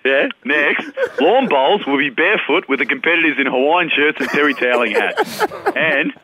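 A man's voice: fairly high pitch, expressive, normal speed, bright, forceful tone. A man doing a cheeky ocker Australian sports star impression with a broad Australian accent, joking like a larrikin down a muffled phone line. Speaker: comic caller.

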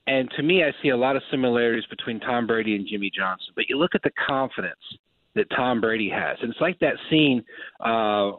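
A man hosting casual racing talk, telling stories with lively quoted voices. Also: medium pitch, dry recording. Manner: animated storyteller, acts out quotes. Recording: dry tinny phone-like sound.

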